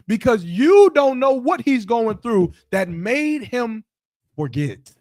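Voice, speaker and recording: A man's voice: very high voice, sing-song, slow, darkish tone, dry recording, clean studio sound. A man co-hosting a podcast in casual chat, preaching his point and acting out the voices of the people in his stories. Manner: preachy, acts out quoted voices. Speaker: podcast co-host.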